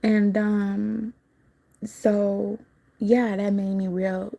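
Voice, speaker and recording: A woman's voice: medium pitch, little pitch movement, drawn-out words, gravelly, dark tone, dull audio. A woman hosting a livestream, recounting a dream in a casual, rambling way, laughing often and swearing freely.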